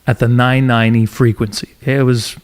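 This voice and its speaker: A middle-aged man from Montreal hosts a casual podcast chat, recounting a story with lively emphasis. His pitch sits in an everyday middle register. He leans into his points and speeds up when he gets going. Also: quick pace. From Montreal, Canada. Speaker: podcast host.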